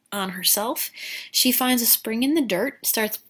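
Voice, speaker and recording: A woman's voice: on the high side, a little slow, a bit bright, breathy edge. A woman giving a crude, sarcastic comedic recap of a movie, rambling with asides.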